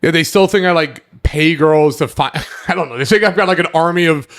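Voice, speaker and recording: Chatty man telling animated stories. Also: on the high side, fairly quick. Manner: animated storyteller, loose and chatty. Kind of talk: casual podcast chat.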